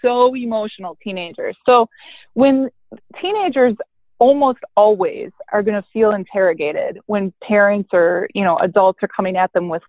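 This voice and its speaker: A woman's voice: medium pitch, normal speed, no room sound. A woman in her thirties, a therapist guest in a casual interview, speaking candidly and animatedly, swearing now and then and acting out quotes from parents and teens. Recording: dry, phone-like narrow sound.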